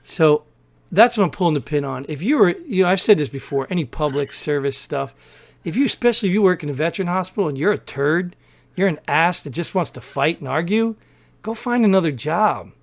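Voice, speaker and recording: A man's voice: a little high, brisk. A man, podcast co-host, casually telling a story and acting out the people in it. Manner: animated storyteller, acts out quoted people.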